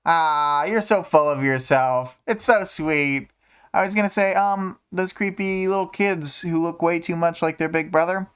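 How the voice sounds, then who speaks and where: A man's voice: on the high side, a little slow, fairly bright tone, clean tone, voice pushed up. A man reading out a teasing teenage girl's lines in a raised voice. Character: bratty teenage girl, teasing and wistful.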